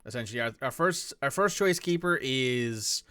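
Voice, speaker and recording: Bright-voiced man chatting through a football game. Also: medium pitch, animated, normal speed, clear, resonant tone, dry recording, faint music behind. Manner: chatty, thinks aloud, reacts to match play. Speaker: gaming streamer. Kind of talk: casual let's-play commentary.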